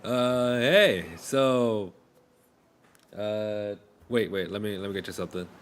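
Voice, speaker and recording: A man's voice: slow, slight background noise. A man voicing a young sailor who fusses over a rescued stranger in a gushing, sympathetic way. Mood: solicitous. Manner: loud, high, gushing. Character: friendly young male sailor, fussing and sympathetic.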